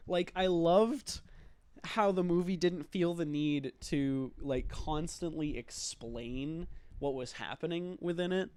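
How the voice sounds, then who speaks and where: A man giving a rambling, emotional recap of a film, halting often, swearing and sighing as he talks. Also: a little high, darkish tone, clean tone. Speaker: film commentator.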